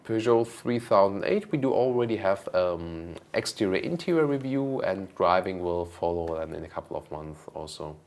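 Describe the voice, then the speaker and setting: A man, hosting a car channel and casually answering viewer questions, relaxed and thinking aloud with lots of ums. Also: low voice, normal speed, hardly any pauses. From Germany. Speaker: car review host.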